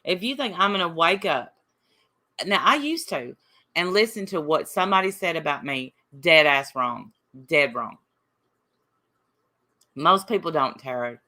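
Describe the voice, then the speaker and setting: An Appalachian woman hosting a casual livestream reads her chat and spars with commenters combatively. Her voice sits low and is animated, bright, and forceful, with an unhurried pace and frequent pauses.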